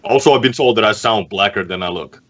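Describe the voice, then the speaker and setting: A man's voice: on the low side, quick pace, a bit bright. A man with an accent that blends a foreign accent with a Brooklyn one, chatting loosely as a guest. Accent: mixed foreign and Brooklyn. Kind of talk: casual chat. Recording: dull lo-fi sound.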